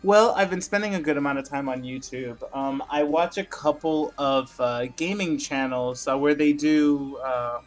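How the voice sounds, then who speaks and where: A man's voice: fairly high pitch, normal speed, hardly any pauses, soft background music. A man co-hosting a casual podcast, talking in a loose, easygoing, rambling way. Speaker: podcast co-host.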